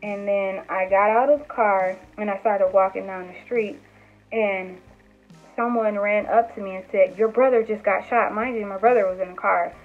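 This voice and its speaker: A woman's voice: medium pitch, fairly even intonation, normal speed. A young woman vlogger casually telling stories about her dreams to camera, chatty and earnest, with lots of "like" and restarts. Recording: tinny phone-like sound with faint music.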